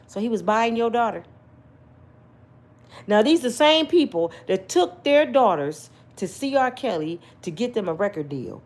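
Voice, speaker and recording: A woman's voice: on the high side, very animated, a little slow, darkish tone. A woman giving an emphatic, slangy opinion rant to her viewers, full of rhetorical questions. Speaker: commentary vlogger.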